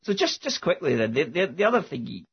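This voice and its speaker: A man's voice: a little high, very animated, fast talker, breathy edge, lo-fi sound. A man hosting a casual podcast chat, reflective and hesitant with many fillers. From Scotland. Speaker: podcast host. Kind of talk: casual conversation.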